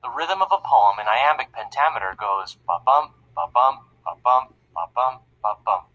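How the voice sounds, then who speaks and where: An upbeat, chatty young cartoon explainer, walking kids through a topic in plain words. His voice swings up and down a lot, bright and a bit husky at the edges, and it stays friendly throughout. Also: medium pitch, animated, normal speed, muffled recording. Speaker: narrator of an educational cartoon. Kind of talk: scripted educational narration.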